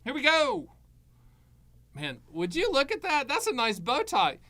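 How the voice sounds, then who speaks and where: A man hosting a live stream on annuities, giving blunt, sarcastic and animated advice full of jokes. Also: very high-pitched, measured pace.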